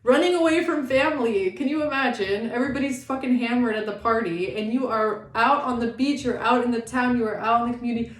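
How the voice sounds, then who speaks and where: A woman giving a casual tarot reading, animated and sassy, swearing often and acting out the people she talks about. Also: a little high, quick pace, hardly any pauses, roomy sound. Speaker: tarot reader.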